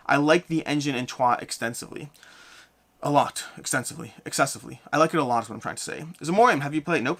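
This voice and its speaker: A man in his thirties hosting a casual live Q&A stream, reading chat questions aloud and thinking out loud as he answers, often repeating and correcting himself. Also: on the high side. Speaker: board game content creator hosting a live Q&A.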